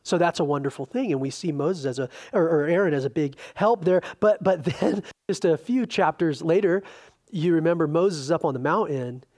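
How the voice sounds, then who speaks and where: A man preaching a sermon as a pastor, teaching through a Bible passage in a loose, conversational way with lively asides to his congregation. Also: on the high side, moderate pace. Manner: chatty and informal, retelling scripture with animated asides.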